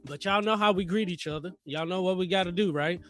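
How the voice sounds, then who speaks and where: High, lively hype-man livestream host. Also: fast talker, faint music behind. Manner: energetic, slangy, hypes the chat.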